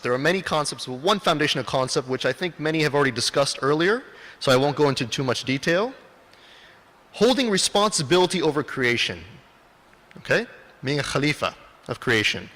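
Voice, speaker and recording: A man's voice: a little high, sharp tone. A man gives a lecture presentation, putting questions to the audience and answering them himself. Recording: long reverb of a hall.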